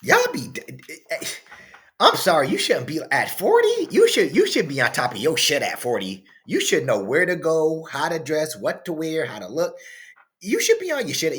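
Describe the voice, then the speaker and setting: A reaction host talks over a clip in loose, casual commentary, cursing freely and speaking loudly. His voice leaps all over, dropping to low mutters and then shooting up into high shouts.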